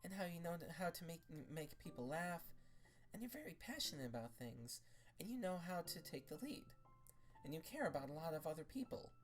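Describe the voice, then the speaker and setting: A woman voicing a soft-spoken, caring teenage girl who gently draws out her friend in a read-aloud fan story. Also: fairly low pitch, very animated, fairly quick, music in the background. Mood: gentle.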